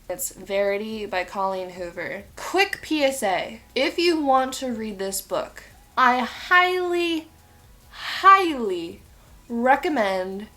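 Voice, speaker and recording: A woman in a casual sit-down chat, talking straight to viewers and acting out her own thoughts in quotes. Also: medium pitch. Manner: chatty, talks straight to viewers. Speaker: book reviewer.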